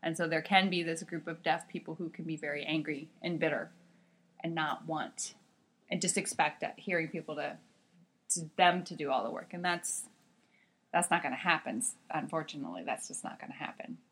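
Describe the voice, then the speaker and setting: A woman with a somewhat low voice tells stories from her work as a sign language interpreter. She is animated and emphatic, often restarting her sentences as she goes. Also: moderate pace, slightly rough.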